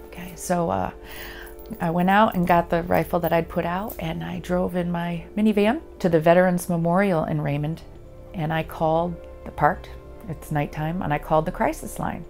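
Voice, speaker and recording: A woman veteran giving a halting, earnest personal testimony. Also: sits low, vocal fry, faint music behind. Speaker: veteran sharing her story.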